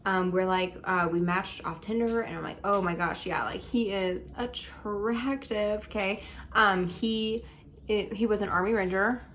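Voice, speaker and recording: A young woman casually telling a dating story at home in a chatty, animated way, full of likes and ums. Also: on the low side, slight background noise. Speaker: vlogger.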